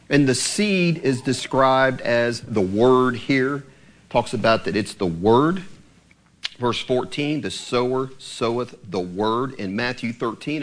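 A man preaching a sermon in a church, rising to emphatic commands as he teaches through a parable. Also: mid-range voice.

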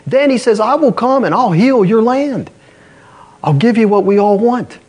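A man preaching in full sermon mode, his voice riding a lively, swooping pitch that sits a little high for a man. He leaps up to emphatic calls, then sinks low and slow for scripture, drawing the congregation in with quick questions. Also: breathy edge. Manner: asks the congregation for responses. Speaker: pastor.

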